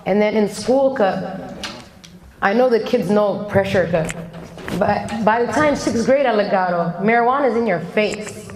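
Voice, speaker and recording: A woman's voice: medium pitch, a little slow, crowd noise. A woman in her thirties from Somalia giving a candid, chatty motivational talk to young people and acting out the voices of family and friends. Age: 30s. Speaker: motivational speaker. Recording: echoey hall.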